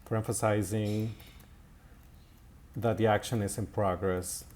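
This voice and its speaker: A man teaching an Italian grammar lesson in a slow, halting way, with many fillers and repeated words. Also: fairly low pitch, steady tone, darkish tone. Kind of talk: recorded language lesson.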